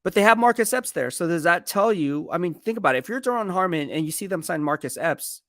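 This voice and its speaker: A man's voice: high voice, lively intonation, fast talker, fairly bright tone, no echo, clean studio sound. A man, a sports beat writer, talking through team moves on a casual live stream in a rambling, conversational way and reading viewer comments aloud. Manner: rambling, conversational, self-correcting.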